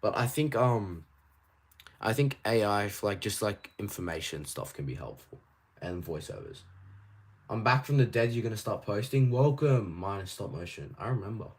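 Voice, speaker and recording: A man with an Australian accent chatting casually on a livestream, reading viewers' questions aloud and answering in a rambling, animated way. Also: on the low side. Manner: rambling and animated, quick asides. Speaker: toy collector streamer.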